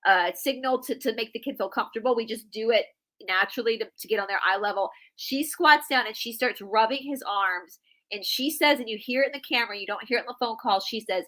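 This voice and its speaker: Earnest bright-voiced woman host. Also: fairly high pitch, brisk, poor audio. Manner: earnest, emotional storytelling with restarts. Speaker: podcast co-host. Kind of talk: casual chat about a news case.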